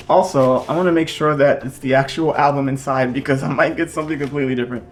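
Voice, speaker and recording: A man hosting a casual vlog as he unboxes vinyl records, excitable and gushing, swearing often. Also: mid-range voice, quick pace, soft background music.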